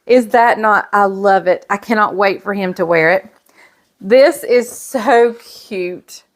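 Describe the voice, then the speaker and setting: A woman's voice: medium pitch, takes it slowly. A middle-aged woman, chatting casually and emotionally as she shows off gifts in a vlog. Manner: gushing, emotional, chatty with fillers. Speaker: pastor's wife and vlogger. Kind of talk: casual show-and-tell chat.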